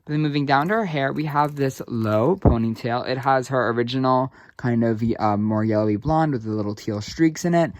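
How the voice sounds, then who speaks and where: A young man giving a casual doll unboxing review, excitable and gushing, with lots of fillers. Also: medium pitch, brisk, few pauses, no room sound, clean studio sound.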